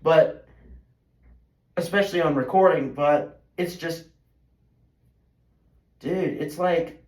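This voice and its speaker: A teenage boy and high school golfer venting in a frustrated, self-critical ramble full of restarts. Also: takes it slowly, long pauses. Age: teens. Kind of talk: emotional venting monologue. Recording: roomy echo.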